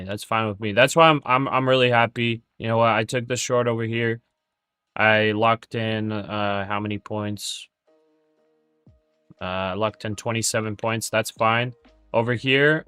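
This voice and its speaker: A man's voice: medium pitch, a bit bright, clear, resonant tone, no echo. Man, trading livestream host, casual and jokey, stammering restarts, dry sound, faint background music.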